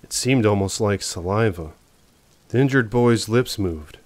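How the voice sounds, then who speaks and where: Male audiobook narrator, low voice, measured suspenseful novel reading. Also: darkish tone.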